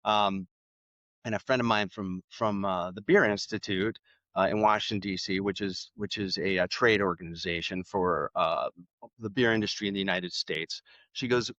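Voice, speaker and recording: A middle-aged man with a low-pitched voice tells stories at an easy pace, his talk full of fillers and restarts. The recording is dry and slightly dull. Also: normal speed, dry recording. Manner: relaxed, with frequent fillers and restarts. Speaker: podcast guest. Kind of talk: casual interview storytelling.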